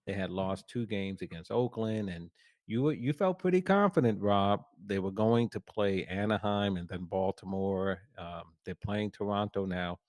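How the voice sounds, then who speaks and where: Low-voiced man hosting a sports podcast. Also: no room sound, studio quality. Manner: relaxed, rambling, many fillers and restarts. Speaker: podcast host. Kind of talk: casual podcast chat.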